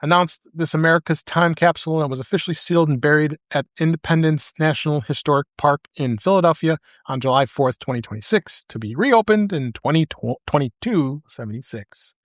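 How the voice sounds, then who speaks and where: A man's voice: a little high, a little fast, hardly any pauses, no echo, clean studio sound. A man hosting a live podcast panel, talking loosely with lots of ums and uhs. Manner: rambling with many fillers. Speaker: podcast host. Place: live event stage.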